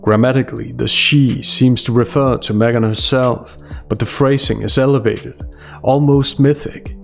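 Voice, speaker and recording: A man's voice: mid-range voice, vocal fry. A man giving a scripted analytical voice-over in a dry, sarcastic manner. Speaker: commentary channel host.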